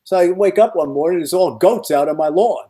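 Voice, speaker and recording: A man who is a meteorologist, guesting on a podcast and telling rambling, animated stories with many restarts. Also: high-pitched, fairly quick, a little hiss or hum. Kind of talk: casual podcast storytelling.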